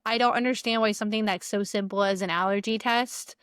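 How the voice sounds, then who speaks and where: A woman's voice: medium pitch, steady tone, a little fast, fairly bright tone, clear, resonant tone, dry recording, clean studio sound. A woman co-hosting a podcast, chatting casually and prompting her co-host with questions. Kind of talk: casual chat.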